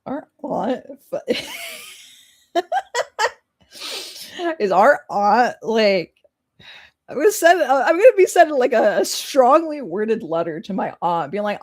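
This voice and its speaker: Excitable young woman streamer with a lively pitch. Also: takes it slowly, long pauses, dry recording, studio quality. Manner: excitable, laughing asides and loud outbursts. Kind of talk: reading a visual novel aloud with reactions.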